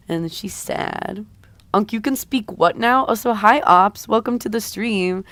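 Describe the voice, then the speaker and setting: A woman's voice: mid-range voice, a little slow, a bit bright, no room sound. A woman streamer with a slightly raw voice, chatting casually with her viewers in a rambling, hesitant way. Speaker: streamer and artist. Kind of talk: casual live-stream chat.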